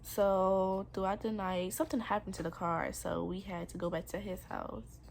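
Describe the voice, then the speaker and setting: A woman's voice: medium pitch, little pitch movement, moderate pace, creaky, slight background noise. A young adult woman telling her own story in a personal vlog, candid and earnest, with casual slang. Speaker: vlogger.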